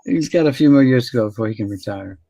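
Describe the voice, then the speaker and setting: A man's voice: medium pitch, expressive, fast talker, gravelly, dark tone, no room sound, muffled recording. Joking older man, dry close sound. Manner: joking, teasing. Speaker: guest co-host. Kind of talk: casual chat.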